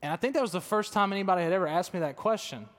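A man's voice: high-pitched, expressive, rapid-fire. Earnest man preaching in a big echoing hall. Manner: conversational, self-deprecating, earnest. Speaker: pastor. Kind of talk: sermon storytelling. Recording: long reverb of a large hall.

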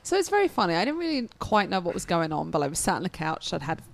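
A young English woman co-hosting a podcast, telling stories in a giggly, animated way. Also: fairly low pitch, fast talker, gravelly. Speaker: podcast co-host. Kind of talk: casual chat.

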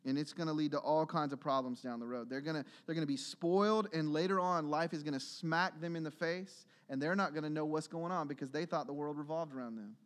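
High-voiced earnest male pastor preaching. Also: brisk, hardly any pauses. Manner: earnest, building to emphatic exhortation. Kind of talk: sermon.

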